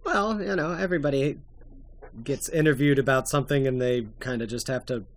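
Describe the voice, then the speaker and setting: Halting, laughing man podcast guest. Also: mid-range voice. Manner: halting, laughing, with many restarts. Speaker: podcast guest, former reality show contestant. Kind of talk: casual chat.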